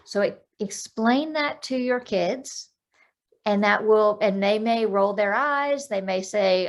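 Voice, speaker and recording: A woman life coach, a guest on a podcast interview over a video call, explaining calming techniques in a practical way and counting out breaths. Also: medium pitch, unhurried.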